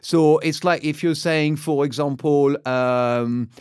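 A man hosting a relaxed chat, a native French speaker with a French accent. His voice sits a little high, and the sound is dry and close. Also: takes it slowly, smooth, no room sound. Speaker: host. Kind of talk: casual chat.

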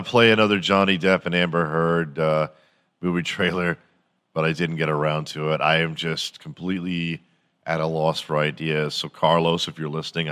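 A man's voice: sits low, sharp tone. A man hosting a podcast in a crude, mocking comedic rant, swearing freely and slipping into silly impressions. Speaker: podcast host.

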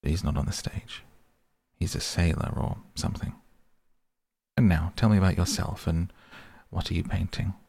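A man's voice: low-pitched, fairly even intonation, normal speed, creaky, a little mellow, breathy edge, dry recording, full character voice. A man reading the part of a vain, coolly dismissive young man in a sleep story, with an airy, dismissive manner. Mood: languid, dismissive.

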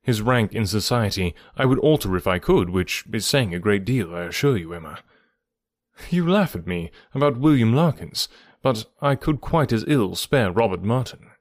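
A man reading the part of an earnest, kindly gentleman in an audiobook of a classic novel, speaking in a measured, gently reasoning way. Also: on the low side, expressive, no room sound, studio quality. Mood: tender, reassuring.

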